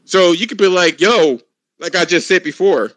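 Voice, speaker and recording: A man hosting a casual podcast chat, talking in an animated, profane, ranting way. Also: high-pitched, normal speed, no echo, low-quality recording.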